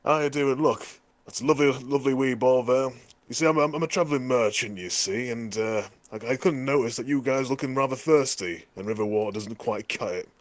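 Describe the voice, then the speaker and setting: A man's voice: mid-range voice, brisk, no room sound, natural voice. A man voicing a sly male goblin posing as a traveling merchant, with fawning sales patter. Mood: wheedling.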